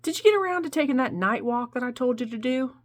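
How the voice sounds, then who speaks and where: A woman's voice: sits high, lively intonation, quick pace. A woman hosting a playful comic nature monologue, coaxing listeners and imitating owl, wolf and bullfrog calls. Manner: playful, mimics animal calls. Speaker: nature show host.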